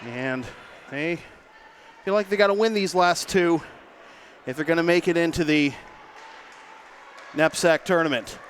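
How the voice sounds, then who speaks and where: A man's voice: a little high, slight background noise. A man calling a hockey game play-by-play from a rink press box, a bit out of breath at the start. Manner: quick, energetic play-by-play delivery. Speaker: play-by-play commentator. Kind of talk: live sports commentary.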